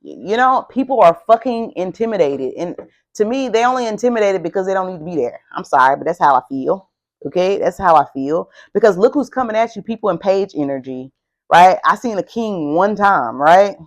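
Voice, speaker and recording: A woman giving a casual tarot reading who talks in an excitable, emphatic way and swears a lot. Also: on the low side, brisk. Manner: excitable, emphatic and heavily profane. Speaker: tarot reader.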